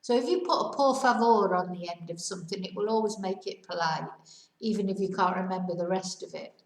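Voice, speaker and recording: Middle-aged lady teaching, rambly and chatty, sounds a bit far off in an echoey room. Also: mid-range voice. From United Kingdom. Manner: chatty, rambling with fillers, slows down to model Spanish phrases. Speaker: Spanish teacher. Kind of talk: casual lesson to camera.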